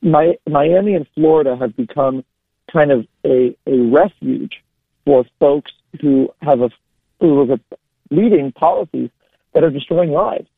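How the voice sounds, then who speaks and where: A man's voice: a little high, a little slow, creaky, husky, no room sound. Upbeat man on a tinny phone line. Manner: upbeat, promotional, repeats words. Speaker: guest, local party chair. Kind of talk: radio phone interview.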